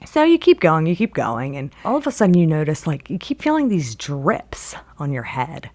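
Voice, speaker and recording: Brief: woman storyteller, low voice, lively pitch swings, casual and rambling with lots of fillers. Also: moderate pace, few pauses. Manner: rambling, heavy use of filler words.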